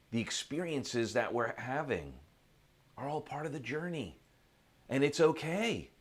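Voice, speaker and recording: A man giving a conversational, reflective motivational talk built around a story. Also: mid-range voice. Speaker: motivational speaker.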